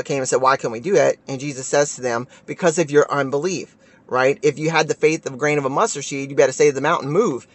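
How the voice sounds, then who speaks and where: A man giving a casual Bible study talk who reads scripture aloud and keeps checking in with "right?". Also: on the high side. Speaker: Bible teacher.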